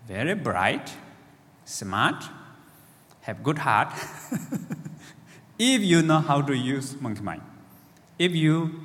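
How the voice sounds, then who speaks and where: Slow, lively male meditation teacher. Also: medium pitch, in a large hall. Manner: slow, simple phrasing with playful repetition and questions to the audience. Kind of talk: teaching talk to a live audience.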